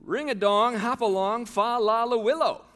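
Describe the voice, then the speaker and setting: Tom Bombadil, a man doing a high jolly old singer. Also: sing-song, measured pace, creaky, pushed and bright, heavily acted. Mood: singing merrily. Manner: sing-song, bouncy rhyming delivery. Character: jolly old man, merry rhyming forest dweller.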